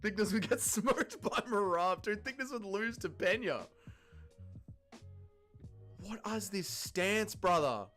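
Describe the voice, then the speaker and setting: Mocking, profane young streamer. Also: male voice, high-pitched, animated, slow, pauses often, fairly bright tone, soft background music. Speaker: livestream host. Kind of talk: fight watch-along commentary.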